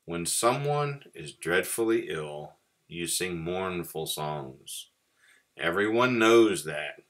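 Casual: guy doing a grumpy sick bear, low raspy gruff voice, moping dramatically, storybook reading. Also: slow pace, a bit bright. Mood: indignant. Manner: dramatic and complaining.

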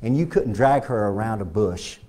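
A man with a Texan accent preaching a sermon in church, emphatic and storytelling, with shouted exclamations. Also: fairly low pitch, animated, moderate pace. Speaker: pastor.

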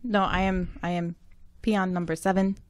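A woman voicing a low-ranking alien underling in an improvised comedy scene, in a casual, offhand way. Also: little pitch movement, normal speed, close to an everyday voice.

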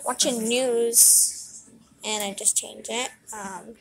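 A woman vlogging casually to camera, chatty and sometimes hushed so she does not wake a sleeping cat. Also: fairly high pitch, fairly even intonation, slow pace, gravelly, faint music behind.

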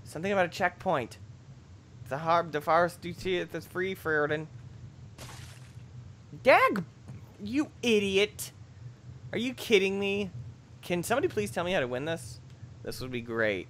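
A young man giving excitable, jokey commentary over a video game, bursting into shrieks and yells. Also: a little high, a little fast, slight background noise. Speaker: gameplay commentator. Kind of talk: let's play commentary.

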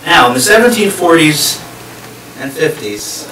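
At a moderate pace and medium pitch, a male guest lecturer gives a public history lecture to people in the room. His approach is step-by-step, punctuated by questions aimed at the audience. The recording comes from a distant mic in an echoey room, with faint hiss.

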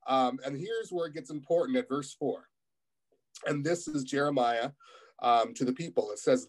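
A man's voice: mid-range voice, poor audio. A man preaching a guest sermon in a church, reading scripture aloud and asking the congregation questions between hesitant, filler-heavy stretches. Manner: many fillers and restarts, asks the congregation questions.

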